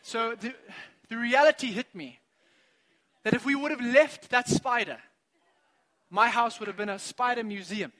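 A middle-aged man preaching a sermon, telling a funny family story in an animated, self-mocking way before drawing the lesson. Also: sits high. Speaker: pastor.

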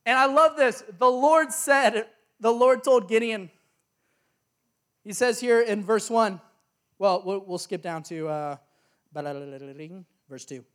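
A man preaching a sermon, telling a story in a lively, casual way with slang and excited exclamations. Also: high-pitched, takes it slowly, pauses often.

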